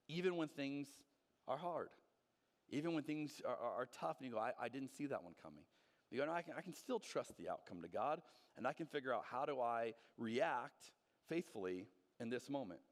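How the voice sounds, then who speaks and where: A man's voice: medium pitch, animated, moderate pace, big-room sound. A man preaching a sermon as pastor, earnest and conversational, often restarting his words. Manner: earnest, conversational, frequent restarts and stammered repeats. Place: church sanctuary.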